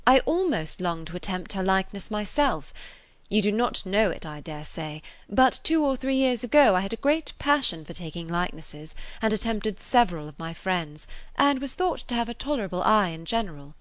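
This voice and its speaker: Woman reader voicing an eager, self-assured young lady in a storybook reading, lifts her pitch, dry sound. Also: big pitch swings, moderate pace, no echo, close to an everyday voice.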